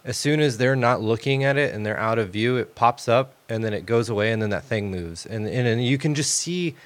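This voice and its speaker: Lively man in a dry room. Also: mid-range voice, a little fast, no room sound. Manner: animated storyteller who acts out his own reactions. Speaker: podcast co-host. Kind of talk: casual chat.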